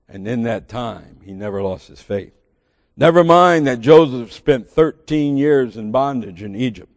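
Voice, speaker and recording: A man's voice: medium pitch, creaky, a little mellow, no room sound, clean studio sound, in a large hall. A middle-aged man with a Southern drawl preaching a sermon in a church, earnest and building to emphatic bursts with folksy asides.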